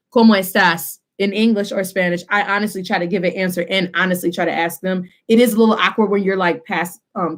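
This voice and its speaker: A woman in her thirties with a mid-range voice leads a lively online language lesson. She blends English and Spanish and has her students repeat phrases as drills.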